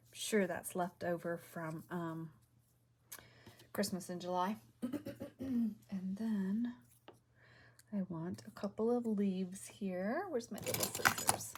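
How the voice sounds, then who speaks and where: A woman's voice: medium pitch, slow pace, long pauses, slight background noise. A woman hosting a crafting video, chatting casually and half-muttering to herself as she works at home.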